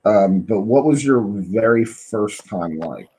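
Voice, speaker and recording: A man's voice: lowish voice, lively intonation, takes it slowly, darkish tone, breathy edge, poor audio. A man hosting a podcast interview, telling frank stories in casual chat with many fillers. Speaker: podcast host.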